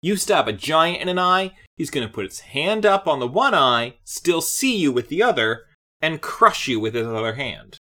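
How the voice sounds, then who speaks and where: Woman co-host, low voice with big swings, casual animated review chat. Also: moderate pace. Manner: animated, laughs often, jumps high when excited. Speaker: podcast co-host.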